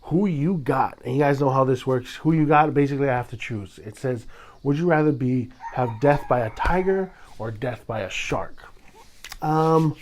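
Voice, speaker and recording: Rambling male podcast host, mid-pitched. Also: normal speed. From Hawaii. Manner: rambling and dramatic, with sudden loud bursts. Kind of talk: solo casual podcast talk.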